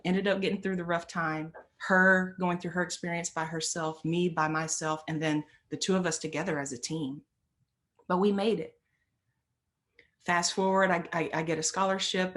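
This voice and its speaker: An earnest middle-aged woman gives a storytelling talk on stage, building her points through repeated, emphatic phrases. Her voice sits a little low for a woman. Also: a bit bright. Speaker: motivational speaker.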